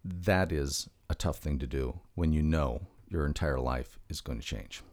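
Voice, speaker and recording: A man's voice: a bass voice, unhurried, a little mellow. A middle-aged man talking as a health expert guest in a podcast interview, emphatic and fond of rhetorical questions, drifting into chatty anecdotes.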